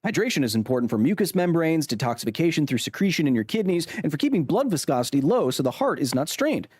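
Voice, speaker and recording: A man's voice: fairly high pitch, sing-song, quick pace, darkish tone, slightly rough, dry recording, clean studio sound. Joking man chatting with his livestream viewers. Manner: joking, reads and answers chat messages. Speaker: livestream host. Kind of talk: casual gameplay livestream chat.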